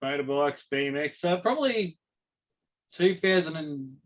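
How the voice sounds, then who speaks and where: A young Australian man, talking casually and chuckling often. His voice sits a little high, and the stream audio is dull and lo-fi. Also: lively intonation, a little slow, fairly bright tone. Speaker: guest. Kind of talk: casual chat on a livestream.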